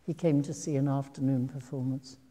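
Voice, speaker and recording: An older actress telling stories from her career to an audience, slow and reflective, with frequent ums and soft laughs. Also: extremely low pitch, level tone. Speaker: actress giving a talk. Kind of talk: anecdotal talk to an audience. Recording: long hall reverb.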